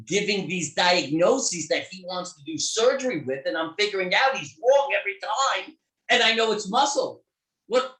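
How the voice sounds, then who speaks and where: A man's voice: high voice, recorded from a distance. Middle-aged guy on a zoom call telling a story, voice jumps all over, swears a lot, echoey room. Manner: animated, emphatic, swears freely. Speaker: guest therapist. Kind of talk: casual storytelling interview. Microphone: video call.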